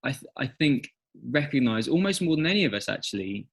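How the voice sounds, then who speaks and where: A middle-aged man with an English accent, a guest on an interview podcast, telling stories with animated acted-out quotes. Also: medium pitch, brisk, creaky, slightly rough. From England. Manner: animated storyteller, acts out quotes. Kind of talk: conversational interview.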